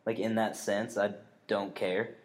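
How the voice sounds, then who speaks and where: A man's voice: fairly low pitch, level tone, unhurried. Rambling young man telling a story. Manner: rambling, swears often, many fillers and restarts. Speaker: podcast co-host. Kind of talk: casual storytelling chat.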